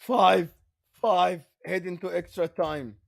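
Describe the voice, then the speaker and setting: A man hosting a football watch-along, giving live commentary and yelling with excitement at the big moments. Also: high-pitched, slow pace, gravelly.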